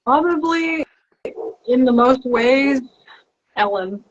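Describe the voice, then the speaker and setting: A woman's voice: sits high, animated, takes it slowly, a little hiss or hum. Giggly young woman on a lo-fi livestream. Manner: giggly, chatty. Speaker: author. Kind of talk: casual live chat. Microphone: video call. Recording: lo-fi livestream audio.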